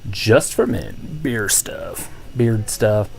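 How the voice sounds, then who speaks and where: A man's voice: lowish voice, animated, very slow, creaky, a little mellow, a little hiss or hum. A man co-hosting a live wrestling watch-along, chatting casually and giving short predictions. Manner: laid-back, offers short comments and predictions. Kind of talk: casual live reaction chat.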